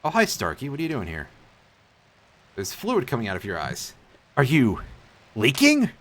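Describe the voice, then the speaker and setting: A man's voice: wildly swooping pitch, brisk, a bit bright. A man streaming a role-playing game, half reading the on-screen text under his breath and cracking jokes with the occasional swear. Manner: reads game text aloud in a low mutter, jokes and swears. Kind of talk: casual let's-play commentary.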